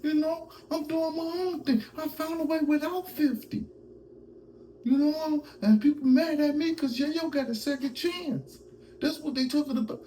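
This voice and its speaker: A man putting on a high, whiny voice to mock a boastful male rapper. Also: warm tone, recorded from a distance, a little hiss or hum, rough recording. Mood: defensive. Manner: squeaky, bragging, drawn-out.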